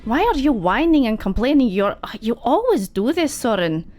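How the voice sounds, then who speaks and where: A cruel pale vampire mentor, put on by a woman game master, lifting the voice higher and gloating over a former pupil. The tone drips with sing-song mockery and cold possessiveness, in a tabletop role-play. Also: lively intonation, moderate pace, a little mellow, faint music behind. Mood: mocking.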